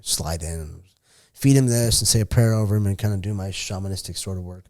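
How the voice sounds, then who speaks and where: A man's voice: sits low, brisk, darkish tone. A middle-aged man, a former fighter and podcast guest, telling stories in casual chat, swearing freely and laughing often. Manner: profane, storytelling, laughs often.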